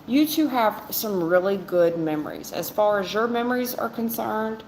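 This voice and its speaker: A woman's voice: mid-range voice, expressive, normal speed, a little mellow. A woman reading tarot on a livestream, blunt and a little sarcastic as she talks straight to her chat viewers and calls them baby and hon. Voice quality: blunt, sarcastic-sounding delivery. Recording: echoey room with clear background noise.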